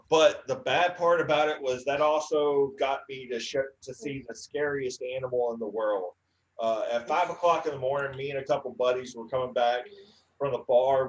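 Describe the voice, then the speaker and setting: A man's voice: mid-range voice, dull audio. A man doing a stand-up comedy set, telling stories in a dry way with frequent "uh"s. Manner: dry storytelling with filler "uh"s.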